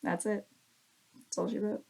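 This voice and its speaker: A woman reads oracle cards for her viewers in a relaxed, chatty way, at a middle pitch. She repeats each affirmation slowly for them to say along. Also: creaky, a little hiss or hum. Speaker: card reader. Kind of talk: casual oracle card reading for viewers.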